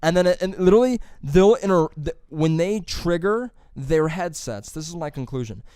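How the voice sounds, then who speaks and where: A man co-hosting a podcast, telling rambling stories in casual chat, swearing and acting out quick impressions. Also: fairly high pitch, expressive, darkish tone, clean tone, dry recording, studio quality. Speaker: podcast co-host.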